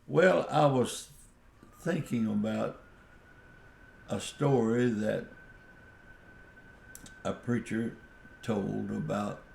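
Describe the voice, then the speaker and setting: Man, preacher, slow folksy storytelling, gravelly fry, echoey room. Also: on the low side, a little mellow, slight background noise. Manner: slow, folksy anecdotal telling with quoted dialogue. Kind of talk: radio sermon storytelling.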